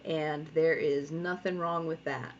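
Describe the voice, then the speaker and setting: Woman, 30s, Rhode Island accent, fairly low voice; chatty, encouraging art teacher at home, dull lo-fi recording. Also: steady tone, measured pace. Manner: chatty, encouraging, thinking aloud while drawing. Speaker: comic artist. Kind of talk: live draw-along tutorial. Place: home studio. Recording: dull lo-fi sound with faint noise.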